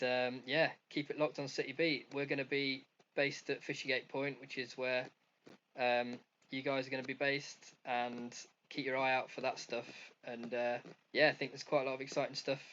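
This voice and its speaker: A man with a Nottingham accent hosts a community radio chat and talks in a relaxed way. His voice is of middle pitch, and the recording sounds a little dull, with faint hiss behind it. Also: moderate pace. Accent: Nottingham English. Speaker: radio host. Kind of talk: casual interview chat.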